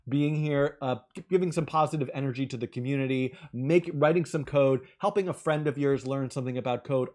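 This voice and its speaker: A man hosting a live-stream fundraiser, talking enthusiastically with lots of ums and restarts. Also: medium pitch. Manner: enthusiastic, animated, with frequent fillers and restarts. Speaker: livestream host.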